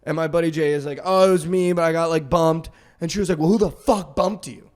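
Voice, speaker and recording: A young man telling a rambling party story on a podcast, peppering every phrase with "like". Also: fairly high pitch. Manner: rambling, heavy use of "like", quick swings in loudness. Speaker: podcast host. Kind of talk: casual storytelling chat.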